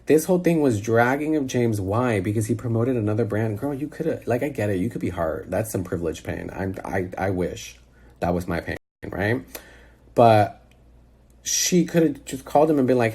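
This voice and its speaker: A man's voice: medium pitch, very animated, a little fast, darkish tone, husky. A man chatting casually over a phone call, reacting to a video in an incredulous, sassy way.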